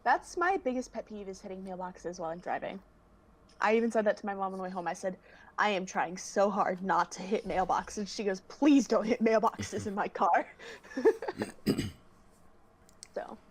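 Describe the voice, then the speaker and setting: A woman's voice: mid-range voice, a little hiss or hum. A young woman, a guest on a casual chat, talking in a chatty, giggly way. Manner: giggly, chatty, quick to laugh.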